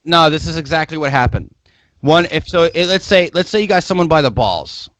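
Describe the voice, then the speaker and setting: Loud, argumentative man on a podcast. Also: on the high side, expressive, brisk, dry recording. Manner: loud, argumentative, profane, talks over others. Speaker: podcast co-host. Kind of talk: casual comedic podcast banter.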